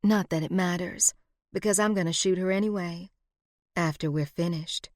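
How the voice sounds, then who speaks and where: A woman's voice: lowish voice, no room sound, clean studio sound, lightly acted. Sly flirtatious outlaw woman, purring and mocking, read by a woman narrator. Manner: purring, teasing, slow drawl.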